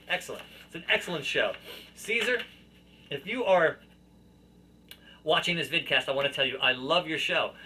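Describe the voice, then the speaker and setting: A man's voice: on the high side, pushed and bright, slightly rough. A man hosting his own video podcast, chatting to camera in a playful, self-amused way, recorded on a built-in camera mic. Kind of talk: casual chat to camera.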